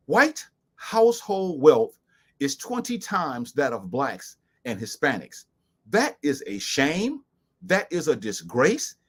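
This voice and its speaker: A man hosting a commentary show, speaking in a preacherly, emphatic way to his viewers and slowly repeating key lines. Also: on the high side. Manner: preacherly, addressing viewers as "beautiful people" and "brothers and sisters". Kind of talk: talk-show monologue with charts.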